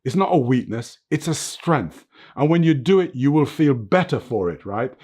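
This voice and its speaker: A man's voice: medium pitch, animated, normal speed, darkish tone. Older male guest, emphatic motivational speaker, earnest, "right?" tags, at home. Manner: emphatic, earnest, preaching life lessons; tags points with "right?" and "you know what". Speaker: interview guest, fitness motivator. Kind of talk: reflective motivational interview talk. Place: his home, under film lights.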